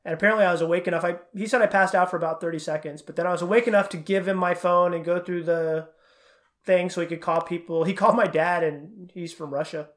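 A middle-aged man with a fairly high voice, guesting on a podcast as a coach. He talks fast and animatedly, racing through his stories in a casual chat. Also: steady tone, fairly bright tone.

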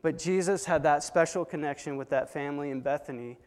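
A man preaching a sermon, retelling a story with dramatic swings between hushed and loud delivery. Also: a little high, a little fast. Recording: long hall reverb.

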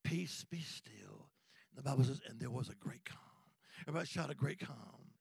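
A man preaching a sermon as an evangelist, with rhythmic call-and-response that swings from shouts to hushed whispers in a church. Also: mid-range voice, quick pace, creaky, husky, dry recording. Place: church sanctuary.

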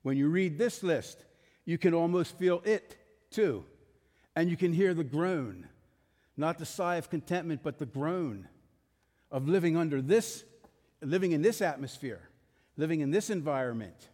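Guy preaching with a high voice, pushes hard on his points, lots of reverb like a big hall. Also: expressive, unhurried, warm tone. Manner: emphatic, rhetorical questions to the congregation. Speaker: pastor. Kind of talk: sermon.

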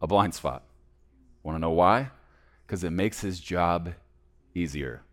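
A man preaching a sermon as a pastor, swinging between loud emphasis and hushed low asides. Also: takes it slowly.

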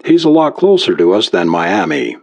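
A man's voice: lowish voice, huge pitch swings, normal speed, darkish tone, full character voice. A man voicing a frightened young woman stranded on a yacht at night, speaking in anxious, urgent questions. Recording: muffled lo-fi recording.

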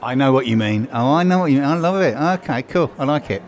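A man's voice: medium pitch, animated, quick pace. A man hosting a casual interview, chatty and enthusiastic, talking into a handheld microphone. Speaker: host. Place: trade show hall. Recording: busy crowd chatter behind.

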